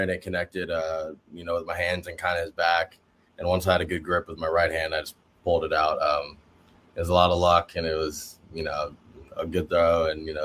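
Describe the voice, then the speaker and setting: A man's voice: low voice, fairly bright tone. A young man answering interview questions casually, in a humble, hesitant way with many fillers. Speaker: guest college football player.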